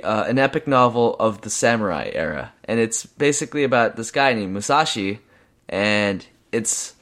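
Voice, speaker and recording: A young man co-hosting a podcast, talking in a rambling, excitable way with lots of fillers and restarts. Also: medium pitch. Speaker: podcast co-host. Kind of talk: casual chat.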